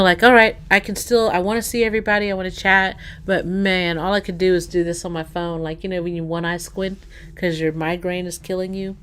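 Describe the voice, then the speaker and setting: A woman hosting a livestream in casual chat, rambling and thinking out loud with plenty of fillers. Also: medium pitch, clear, resonant tone. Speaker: livestream host.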